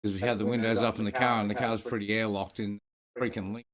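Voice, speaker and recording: Man, co-host, easygoing rambling chat, crowd noise clear behind. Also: on the low side, level tone, fast talker. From Australia. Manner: rambling, laid-back, with many fillers. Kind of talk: casual chat.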